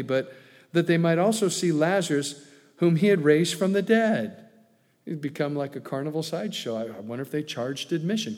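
A pastor preaches in an easy, conversational way, slipping in wry asides and playful acted quotes. His voice sits a little high for a man. The sound carries the long ring of a church hall. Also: darkish tone. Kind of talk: sermon.

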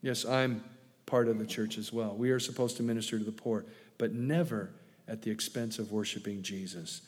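A pastor preaching a sermon in a conversational way, with joking asides and acted quotes. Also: male voice, fairly low pitch, steady tone, moderate pace, big-room sound.

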